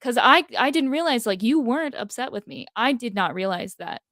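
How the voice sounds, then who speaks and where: A woman's voice: a little high, expressive, fairly quick, fairly bright tone, no echo, studio quality. A young woman talking thoughtfully in a casual, heartfelt conversation, with many fillers. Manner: thoughtful, filler-heavy, reflective. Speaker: guest, host's daughter.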